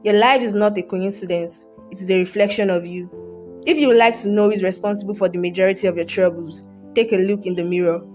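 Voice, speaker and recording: A woman tells a short moral story at an even, measured pace. She reads with earnest care, giving each line its weight. Faint instrumental music plays softly underneath. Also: medium pitch. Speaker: story narrator. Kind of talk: scripted narration of a moral story. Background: soft music.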